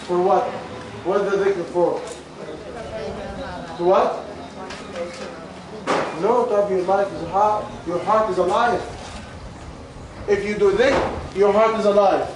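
A man's voice: high voice, fairly even intonation, slow pace, long pauses, a crowd in the background. A man teaching a class in simple, broken English, repeating questions to his students while losing his voice. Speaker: religious teacher. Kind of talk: question-and-answer class talk. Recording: very echoey room, far from the mic, ambient noise.

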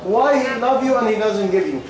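A man's voice: very high-pitched, expressive, a little fast. A man preaches, repeating questions and coaxing answers from the crowd. He is losing his voice. The sound rings around a big echoing hall with faint noise. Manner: questioning, repetitive, coaxing the audience. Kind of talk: sermon with call and response. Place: large echoey hall with audience.

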